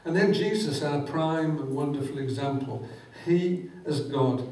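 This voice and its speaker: A man's voice: on the high side, unhurried, a little mellow. A man preaching a sermon, fervent and quoting scripture with rising emphasis. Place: church hall. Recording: echoey church hall, mic at a distance.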